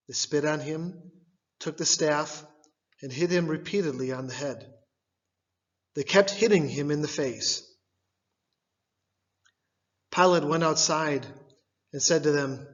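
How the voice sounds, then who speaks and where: A man giving a liturgical scripture reading, delivered in measured phrases, one at a time. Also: on the high side, a bit bright, highs cut off. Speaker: scripture reader.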